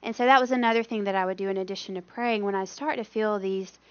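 A woman's voice: medium pitch, fairly even intonation, quick pace, highs cut off. Conversational woman sharing a testimony. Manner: conversational, acts out quoted voices. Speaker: missionary speaker. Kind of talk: personal testimony talk.

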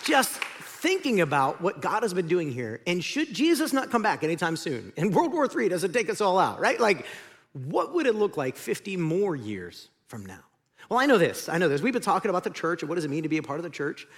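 Guy pastor giving a sermon, jokey and chatty, voice bounces all over, kinda high. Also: brisk, slightly rough, some chatter behind. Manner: joking, conversational preaching with animated emphasis. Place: large church auditorium.

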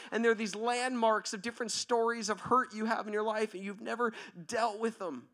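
A man with a high, bright voice preaching a sermon. He tells stories animatedly, jumping between loud acted-out lines and hushed asides. He keeps it conversational, tossing in "right?" again and again. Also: normal speed, creaky, hardly any pauses. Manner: animated storytelling, acting out quoted voices. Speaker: pastor.

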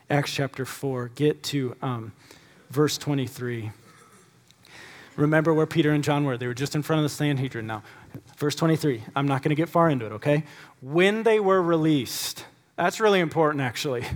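A man's voice: a little high, moderate pace. A man preaching in a church, praying earnestly and then teaching in a casual, conversational way with frequent fillers. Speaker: pastor. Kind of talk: sermon. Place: church sanctuary.

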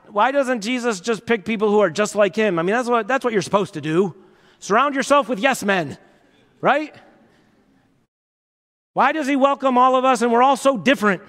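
A man's voice: high-pitched, fairly bright tone. A man preaching a sermon as pastor, passionate and emphatic, full of rhetorical questions. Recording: reverberant church hall.

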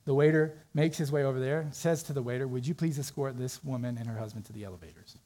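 A man's voice: medium pitch, warm tone. A man preaching a sermon, telling a story in a conversational way and acting out the voices of the people in it.

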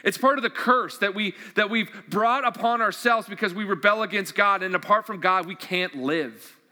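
A man's voice: high-pitched, normal speed, sharp tone. A man preaching a sermon, enthusiastic and conversational, reading scripture and asking his listeners questions. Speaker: pastor. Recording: long hall reverb.

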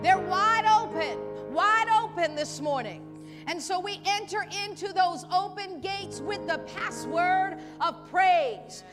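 A woman pastor preaching a sermon at a church service, animated and acting out pleading voices, laughing often. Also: very high-pitched, big-room sound.

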